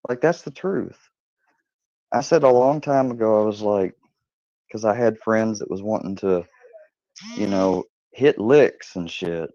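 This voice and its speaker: A man's voice: fairly low pitch, mellow, no echo. A man hosting his own channel, telling rambling, profane stories in a casual monologue and laughing often. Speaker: channel host. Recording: dull lo-fi dry recording.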